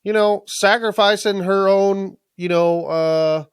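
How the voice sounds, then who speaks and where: A man's voice: high voice, steady tone, takes it slowly, clear, resonant tone, no echo, clean studio sound. A man co-hosting a TV recap podcast in casual, jokey chat, swearing a lot. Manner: crude, swears constantly, jokey. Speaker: podcast co-host.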